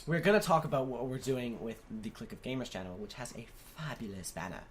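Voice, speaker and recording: A man's voice: mid-range voice, animated, fast talker, slight background noise. Wry young man on a casual podcast. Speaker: podcast co-host. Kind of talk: casual chat among friends.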